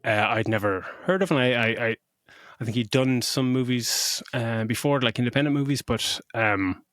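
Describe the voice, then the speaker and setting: Here a middle-aged man speaks at medium pitch and a moderate pace, captured in clean studio sound with no room echo. Co-hosting a podcast, he enthuses about a film, swears freely, and retells it with animation.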